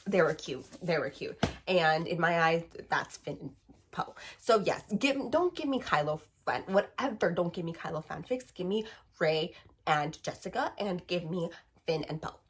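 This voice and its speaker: A woman in her twenties, still getting over a cold, ranting fast and animatedly in a casual book review. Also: fairly low pitch, animated, slightly rough. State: recovering from a cold. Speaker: book vlogger.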